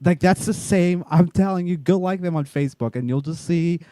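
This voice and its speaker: A man's voice: sits high, a little fast, no echo. A man co-hosting a podcast, ranting with heavy swearing and laughter in a casual chat. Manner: animated, profane, ranting. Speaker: podcast co-host.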